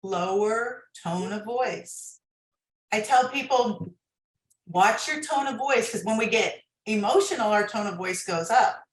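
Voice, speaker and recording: A woman author guesting on a podcast, talking in an explanatory, coaching way. Her voice sits a little high. The recording carries a noticeable room echo. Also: animated, moderate pace. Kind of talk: interview, giving workplace advice.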